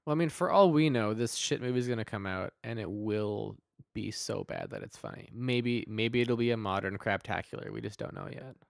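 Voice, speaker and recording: A man's voice: on the low side, normal speed, gravelly, dry recording, studio quality. A young man co-hosting a podcast in casual chat, mostly giving short agreeing replies and laughing easily. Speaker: podcast co-host.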